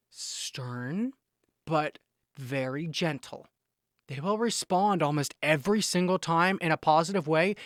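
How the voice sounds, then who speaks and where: Emphatic high-voiced man giving advice. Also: no room sound, studio quality. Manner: emphatic, scolding repetitions and preachy confiding. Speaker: vlogger giving relationship advice. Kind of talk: casual advice monologue to camera.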